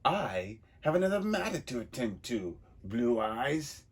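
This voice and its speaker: A man's voice: medium pitch, sing-song, unhurried, slightly rough, full character voice. A man voicing a grinning, menacing male clown villain in a comic book reading, talking in a theatrical, taunting sing-song.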